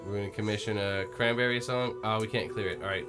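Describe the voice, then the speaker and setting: A fairly low-voiced man hosts a loose, joking chat while a film plays. He riffs and swears freely. Music from the film runs clearly underneath him. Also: steady tone, fast talker. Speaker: podcast host. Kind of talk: casual chat over a film.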